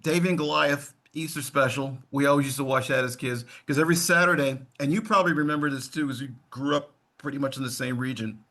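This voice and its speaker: A man's voice: mid-range voice, quick pace, few pauses, bright, forceful tone. A man, co-hosting a podcast in laid-back casual chat, often calling others "man". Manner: laid-back, calls people man, storyteller. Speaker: podcast co-host.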